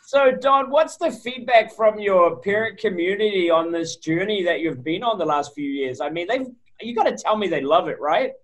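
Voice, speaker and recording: A man's voice: sits high, lively intonation, moderate pace, fairly bright tone. A man co-hosting an education podcast, asking the guest friendly questions. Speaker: podcast co-host. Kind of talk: casual podcast conversation.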